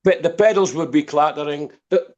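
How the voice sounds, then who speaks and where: A guest musician on a podcast interview, this older man from Dundee, Scotland, rambles through long anecdotes, repeating words and restarting many times. His voice is on the high side and darkish, at a moderate pace, and the audio sounds dull.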